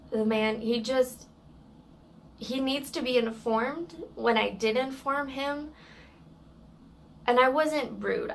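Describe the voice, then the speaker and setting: A woman's voice: on the high side, creaky, a little hiss or hum. A woman telling a story from work in a casual vlog, in a matter-of-fact way with plenty of fillers.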